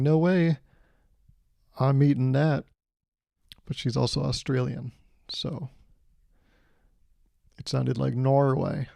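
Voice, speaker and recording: A man's voice: medium pitch, vocal fry, mellow, no echo. A man hosting his podcast, telling a long joking story that builds to a pun. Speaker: podcast host. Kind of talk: comedic storytelling monologue. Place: California.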